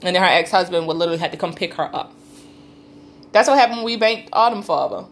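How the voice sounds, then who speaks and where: A woman's voice: fairly low pitch, quick pace. Teasing, profane woman in a casual chat. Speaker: podcast co-host.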